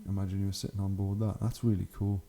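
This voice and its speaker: A young man hosts his channel, commenting casually and enthusiastically on hobby photos and laughing a lot. His low-pitched voice has a dark tone and a flat delivery, and he speaks at a quick pace.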